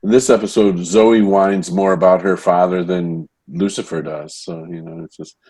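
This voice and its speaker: A man who works as a pastor co-hosts a podcast on a TV show, speaking in a low voice. He talks casually and wryly, dropping mocking jokes as he goes. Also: fairly even intonation, moderate pace, warm tone, husky. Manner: wry, joking, with mocking asides. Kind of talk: casual discussion of a TV episode.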